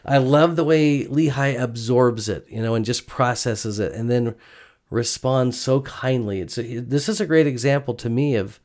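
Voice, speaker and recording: A man's voice: medium pitch, moderate pace, darkish tone. Earnest middle-aged man, chatty co-host. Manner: earnest, chatty, frequent "you know" and "right?". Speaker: podcast co-host. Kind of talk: casual gospel discussion.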